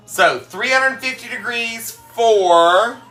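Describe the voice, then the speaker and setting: A woman's voice: a little high, slow pace, fairly bright tone, faint music behind. A woman with a South Carolina Southern twang, chatting folksily while cooking live, laughing often and greeting viewers. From South Carolina, USA. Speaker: cooking livestream host.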